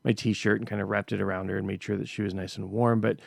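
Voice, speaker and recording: A man's voice: fairly low pitch, level tone, fast talker, gravelly, no room sound, studio quality. A middle-aged man hosting a podcast, talking in a casual reflective monologue and telling personal stories conversationally with frequent restarts. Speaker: podcast host.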